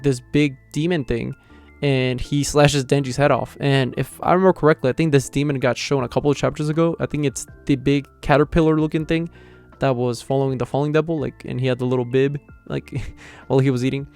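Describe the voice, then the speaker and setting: A man as a casual YouTube manga reviewer, mid pitch, animated retelling, filler-heavy. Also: clear, resonant tone. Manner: rambling, lots of "like" and "you know" fillers. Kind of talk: casual chapter review and reaction.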